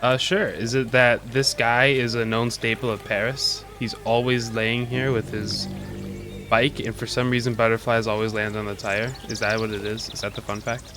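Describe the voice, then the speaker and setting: A man's voice: mid-range voice, little pitch movement, moderate pace, music in the background. A man streaming a video game, joking and curious as he comments on what he sees. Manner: joking, curious, often laughing. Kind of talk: gameplay commentary.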